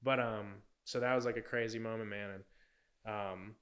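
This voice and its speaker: A man's voice: on the low side, fairly even intonation, normal speed, a bit bright. A young man, a podcast guest, telling a personal story in a casual, rambling way, full of "like" and "you know".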